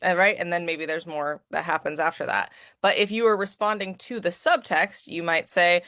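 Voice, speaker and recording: A woman's voice: lowish voice, steady tone, moderate pace, few pauses, pushed and bright, no room sound, clean studio sound. A woman who is an advocate and educator giving a conversational presentation, often checking in with "right?". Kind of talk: presentation talk with slides.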